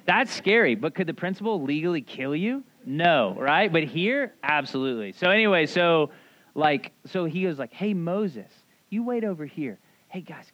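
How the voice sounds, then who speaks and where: Male pastor in his thirties, lively casual preaching, slightly high voice, dry dull recording. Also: dry recording. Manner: animated storyteller, acts out voices, casual asides. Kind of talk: sermon.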